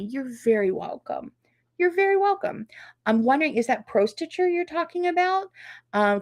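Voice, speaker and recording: A middle-aged woman hosting a casual live chat, reading viewer comments and reacting warmly and chattily. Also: fairly low pitch. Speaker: quilting channel host.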